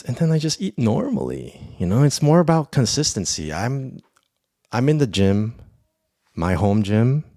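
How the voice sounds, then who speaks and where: A man with a low, deep voice hosts a casual solo podcast, rambling and cursing with bursts of excitement. The sound is dry and close, with no room echo.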